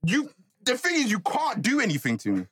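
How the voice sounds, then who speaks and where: A man's voice: extremely high pitch, huge pitch swings, fairly quick, a bit bright. A man, chatting casually in a group and acting out other people's lines as he tells stories. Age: 20s.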